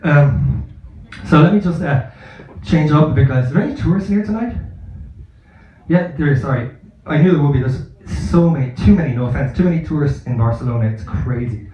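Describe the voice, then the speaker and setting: A man's voice: a little high, expressive, brisk. A man doing a stand-up comedy set, telling rambling, profane, self-mocking stories. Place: comedy club in Barcelona. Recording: echoey, dull live club recording.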